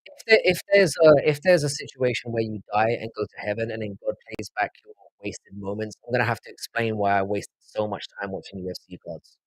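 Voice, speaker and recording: A man with a South London accent chats loosely on a live stream, swearing freely and wandering between topics. His voice is husky and slightly rough. The sound is dry and close, with almost no room echo. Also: fairly low pitch, fairly quick. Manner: rambling, profane banter, answers viewers' chat. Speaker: livestream host. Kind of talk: casual live-stream chat.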